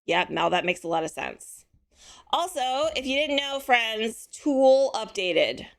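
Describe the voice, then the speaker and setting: A chatty woman streamer with a slightly hoarse voice talks easily to her viewers, reading and answering their messages as she goes. Her pitch rises and falls a lot. She keeps a friendly, casual tone throughout. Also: very animated, slow. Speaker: live-stream host.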